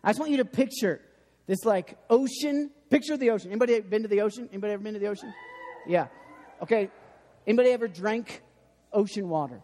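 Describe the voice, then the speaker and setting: Young male preacher, high voice, long hall echo, animated storyteller. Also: fast. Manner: animated storytelling, self-deprecating. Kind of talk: sermon.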